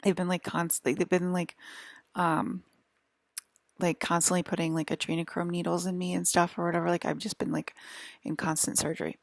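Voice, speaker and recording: Gravelly-voiced woman rambling to camera. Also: fairly low pitch, little pitch movement, dry recording. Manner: halting, many restarts and fillers, drifts into whispers. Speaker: vlogger. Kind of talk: rambling casual monologue.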